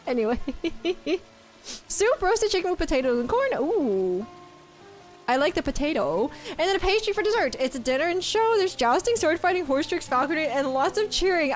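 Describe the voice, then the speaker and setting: A woman's voice: high-pitched, very animated, a little fast, faint music behind. A woman streaming a game, chatting casually and giggling as she reads chat aloud.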